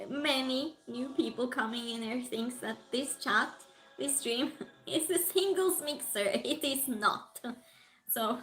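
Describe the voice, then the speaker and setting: A woman's voice: sits high, a bit bright, low-quality recording. A woman hosting a casual livestream, chatting and giggling as she greets viewers and reads their comments aloud. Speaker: livestream host. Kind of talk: casual stream chat, reading out viewer comments.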